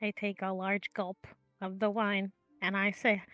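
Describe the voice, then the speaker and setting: A woman's voice: medium pitch, little pitch movement, unhurried, fairly bright tone, no echo, soft background music. A woman playing a tabletop game, joking playfully as she describes her character. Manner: playful, jokey. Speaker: player.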